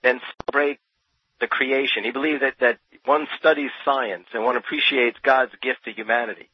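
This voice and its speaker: A man's voice: mid-range voice, steady tone, normal speed, slightly rough. A man from New Jersey, a radio interview guest, speaking passionately and emphatically, often repeating words as he builds a point. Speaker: radio guest, expert on Thomas Paine. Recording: dull, dry lo-fi radio sound.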